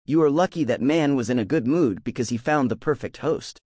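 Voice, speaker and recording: A man's voice: mid-range voice, a little fast, a little mellow, no echo, clean studio sound, close to an everyday voice. A man voicing a proud, scornful thunder-god king who scolds his son in a fan-made audiobook. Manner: scornful, commanding.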